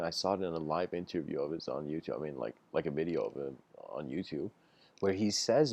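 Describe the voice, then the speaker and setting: A man with a very low voice gives an informal lecture, telling a story as he goes. He often breaks into laughter and slips into quick quoted voices for the people in his story. His talk is loose and full of "like" and "you know.". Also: darkish tone. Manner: casual, laughs often, many fillers and restarts; acts out characters' lines in quoted voices.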